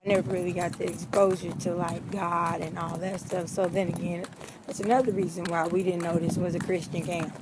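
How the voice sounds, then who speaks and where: A young woman in an animated, comic telling of a childhood story, talking straight to her listeners. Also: lowish voice, fairly quick, heavy background noise. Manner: animated, talks straight to the audience.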